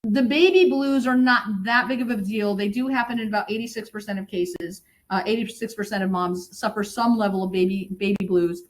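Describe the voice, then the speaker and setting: A middle-aged woman, a birth educator, explaining in lively conversation and sometimes acting out what new mothers say. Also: medium pitch, fairly quick, few pauses, poor audio. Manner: animated, acts out quoted moms.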